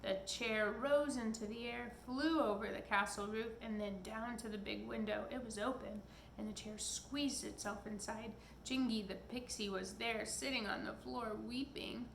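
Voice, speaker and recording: A woman's voice: on the high side, fairly even intonation, moderate pace, vocal fry, slight background noise. A woman reading a children's story aloud in a casual way, in an echoey room. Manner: casual, stops to chat with someone nearby. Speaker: reader. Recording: echoey room with faint background.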